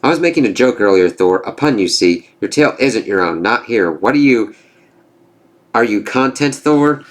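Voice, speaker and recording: A man's voice: mid-range voice, lively intonation, normal speed, natural voice. A man reading the lines of a smug, gloating male corporate villain from a comic, taunting as he speaks.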